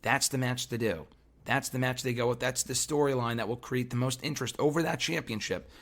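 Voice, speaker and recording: A man hosting a solo wrestling podcast, hoarse from losing his voice, giving opinionated commentary and thinking aloud with fillers. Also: mid-range voice, fairly quick, fairly bright tone. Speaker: podcast host.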